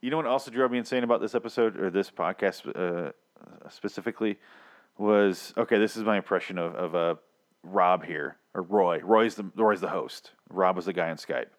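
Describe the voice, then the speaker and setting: A man's voice: low voice, moderate pace. A man co-hosting a comedy podcast, ranting in casual banter with profanity and exasperation. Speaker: podcast co-host.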